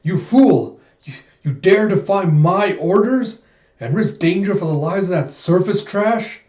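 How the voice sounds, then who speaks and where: A man's voice: medium pitch, normal speed, dark tone, reverberant, dull audio, close to an everyday voice. A man voicing a stern, cold-blooded male director who barks orders over an intercom. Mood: furious. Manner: cold, commanding.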